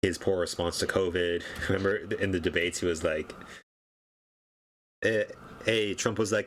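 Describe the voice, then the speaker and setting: Young male vlogger, deep voice, loose offhand delivery for casual commentary. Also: fairly even intonation, a little slow, long pauses, fairly bright tone, slight background noise. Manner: rambling, offhand, chuckles at his own points. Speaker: political commentary YouTuber.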